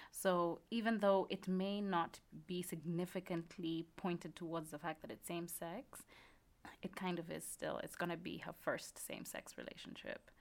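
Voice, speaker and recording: Reflective woman giving advice. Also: fairly low pitch. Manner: reflective advice-giving, frequent mm-hmm backchannels. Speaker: podcast co-host. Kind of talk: casual chat.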